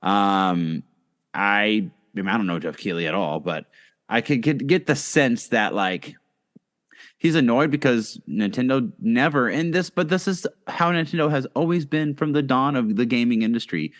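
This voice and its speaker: A man's voice: mid-range voice, animated, moderate pace, a bit bright. A man co-hosting a casual podcast, talking loosely with many fillers and restarts. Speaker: podcast co-host.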